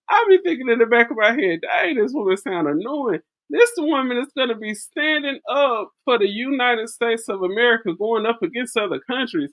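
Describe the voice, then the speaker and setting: A woman's voice: a little high, normal speed, hardly any pauses. Chatty woman in her forties. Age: early 40s. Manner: chatty, animated storytelling with laughs. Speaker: vlogger. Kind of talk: casual political chat. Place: outdoors in wind.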